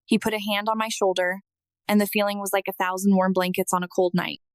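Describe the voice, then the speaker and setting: A woman narrating a scripted first-person testimony in a slow, emotional, earnest manner. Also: mid-range voice, level tone, dry recording.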